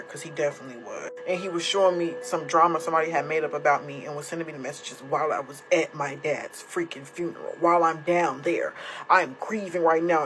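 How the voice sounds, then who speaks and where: A young woman with a low, slightly bright voice shares a personal story casually with her followers on a rough recording. As a storytime creator, she's candid, blunt and emotionally raw, swearing freely.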